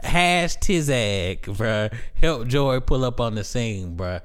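A man's voice: medium pitch, animated, slow, smooth. A man co-hosting a podcast, joking in casual banter and repeating "you know what I'm saying" often. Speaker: podcast co-host.

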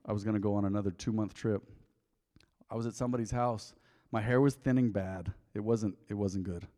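A middle-aged man preaching a sermon in a church, telling candid stories from his own life and building to a loud, fervent prayer. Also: on the low side, steady tone, brisk. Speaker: pastor. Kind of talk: sermon with personal testimony. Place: church sanctuary. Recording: long church hall reverb.

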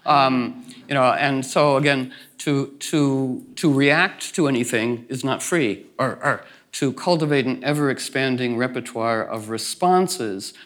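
A man's voice: mid-range voice, unhurried, fairly bright tone. A man giving a casual talk to a group, rambling with many restarts and fillers, and laughing through his funny stories. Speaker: speaker at a gathering.

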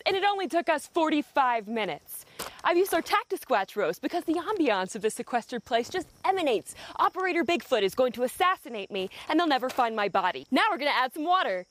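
Young woman, comedy vlog host, outdoors, profane, sarcastic, exasperated, lively pitch. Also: fairly quick. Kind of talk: scripted comedic vlog narration. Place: outdoors in the countryside.

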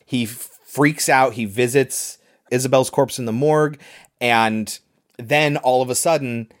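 A man's voice: medium pitch, steady tone, unhurried. A man hosting a podcast, casually recapping a film in detail and acting out quoted lines. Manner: retells scenes in detail, acts out quoted lines. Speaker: podcast host.

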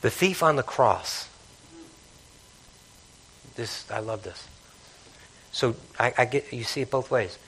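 A man preaching a sermon, swinging between loud urgent bursts and quiet reflective passages, often restarting phrases and calling out hallelujah. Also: mid-range voice, expressive, slow, pauses often, slightly rough, rough recording. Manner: repeats and restarts phrases, calls out hallelujah and amen. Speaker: pastor.

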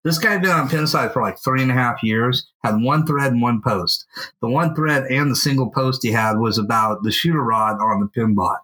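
A man co-hosting a podcast, telling a long story in a casual, animated way and swearing freely. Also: mid-range voice, moderate pace, poor audio. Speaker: podcast co-host. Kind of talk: casual chat. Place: at home.

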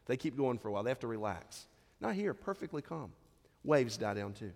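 Man preaching, lots of questions to the crowd, voice swings up and down a lot, big echoey church. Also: a little high. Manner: conversational preaching with rhetorical questions. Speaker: pastor. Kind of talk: sermon. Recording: long hall reverb.

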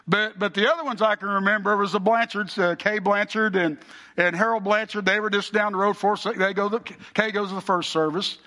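A man's voice: sits high, fairly even intonation, a little fast, sharp tone. A middle-aged male pastor preaching a sermon with folksy storytelling and frequent restarts. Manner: folksy storytelling, repeats words.

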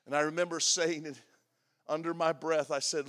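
A pastor in his sixties preaching a confessional sermon, moving between loud emphatic lines and hushed, soft passages. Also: on the high side, flat delivery, normal speed. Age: 60s.

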